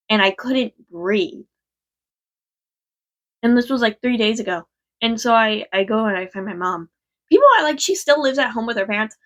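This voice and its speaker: A woman's voice: on the high side, a bit bright. A young woman talking casually to her viewers in a vlog, rambling with lots of fillers and frequent swearing. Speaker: vlogger.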